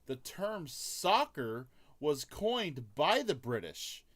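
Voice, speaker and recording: A man with an American accent hosting a gaming podcast, talking in an opinionated, animated way. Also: a little high, slow pace. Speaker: podcast host. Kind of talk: casual talk.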